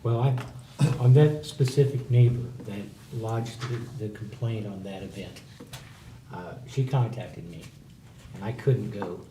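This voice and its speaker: A man speaking in a measured, soft-spoken way at a community meeting. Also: fairly low pitch. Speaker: board member at a community meeting. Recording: distant mic in an echoey room with noise.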